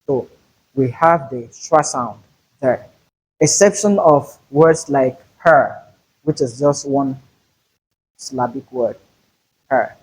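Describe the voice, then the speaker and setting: Slow, husky-voiced male pronunciation teacher. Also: medium pitch, low-quality recording. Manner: slow, deliberate, repeats example words with stress. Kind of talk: classroom-style pronunciation lesson.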